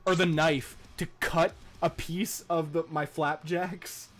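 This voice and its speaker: A man's voice: on the high side, slow. A young man and podcast co-host, telling a story in casual chat, swearing freely and laughing as he goes. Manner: profane, laughing, animated retelling.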